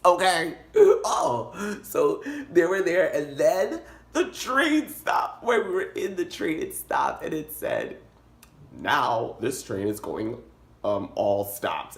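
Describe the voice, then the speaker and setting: A young man telling a comic story in a vlog, animated and dramatic, jumping into high squeals. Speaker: vlogger. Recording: echoey room.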